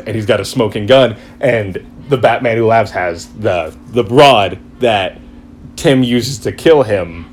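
A man chatting casually, retelling a story in an excited, rambling way and acting out quotes. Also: fairly low pitch, unhurried, slight background noise. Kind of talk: casual chat.

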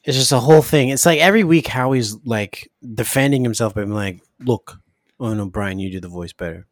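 A man's voice: mid-range voice, fairly quick, no echo, studio quality. A man co-hosting a podcast, recapping a show in a wry, sarcastic casual way. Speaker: podcast co-host.

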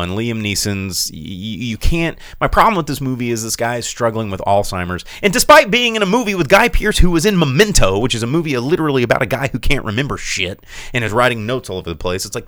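A man with a low, smooth voice rambles sarcastically through a casual podcast chat. His pitch swings widely as he mocks what he is describing. The recording is dry and close. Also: no room sound. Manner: rambling, filler-heavy, sarcastic; animated, mocking delivery. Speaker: podcast host reviewing a film.

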